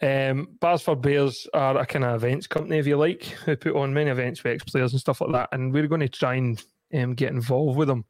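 A man's voice: medium pitch, steady tone, fairly quick, hardly any pauses, no room sound. A man with a Scottish accent hosting a casual podcast, chatty with lots of "um"s, speaking in a studio. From Scotland. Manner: chatty, laughing often, frequent ums. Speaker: podcast host.

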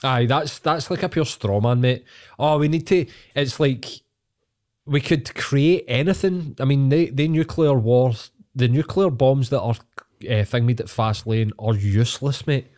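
A man's voice: medium pitch, a little slow, a little mellow. A man with a Glaswegian Scottish accent, co-hosting a podcast in casual chat, ranting heatedly and swearing a lot. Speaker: podcast co-host.

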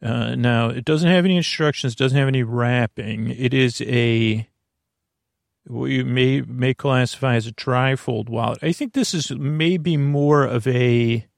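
A man's voice: medium pitch, measured pace, creaky, no echo, clean studio sound. A middle-aged man hosting a podcast, talking in a meandering, digressive way with many restarts and asides. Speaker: podcast host. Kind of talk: rambling, meandering podcast monologue.

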